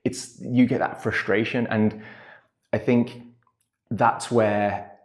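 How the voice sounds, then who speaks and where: A man, co-hosting a casual chat and speaking in an earnest, reflective, measured way. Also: lowish voice, little pitch movement. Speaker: podcast co-host, coach.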